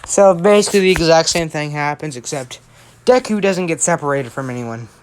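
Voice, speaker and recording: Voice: mid-range voice, a little fast. A young adult telling a fan story casually, rambling and correcting themselves, often tagging lines with "right?".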